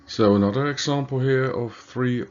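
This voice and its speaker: A man, a native Dutch speaker, giving a slow, deliberate grammar lesson with occasional fillers and self-corrections. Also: mid-range voice. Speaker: language teacher. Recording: dull lo-fi recording.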